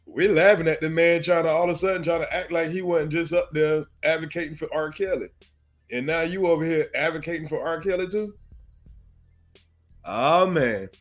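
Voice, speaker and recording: A man's voice: on the high side, normal speed, soft background music. Mocking man with a lo-fi voice. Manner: taunting, laughs between jabs, addresses viewers as sir. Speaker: host of a reaction channel. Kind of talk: mocking live commentary.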